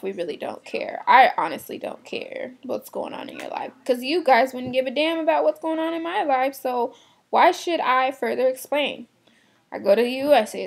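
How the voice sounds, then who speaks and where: A woman's voice: on the high side, vocal fry. A young woman who works in a shoe department, venting bluntly and with exasperation, swearing casually. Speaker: shoe department retail worker. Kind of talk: venting to camera.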